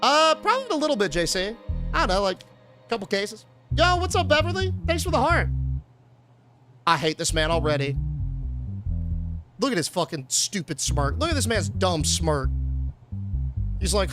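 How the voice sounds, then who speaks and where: A man's voice: high-pitched, very animated, normal speed, pauses often, over music. A young man streaming a game, chatting casually and profanely and reading the game text aloud. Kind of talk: casual gameplay commentary. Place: home streaming setup.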